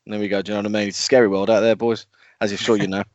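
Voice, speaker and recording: Male co-host, jokey and animated, mid pitch, dry dull lo-fi audio. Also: rapid-fire, no room sound. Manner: jokey, animated, doing mock impressions. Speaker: podcast co-host. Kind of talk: casual film-review chat.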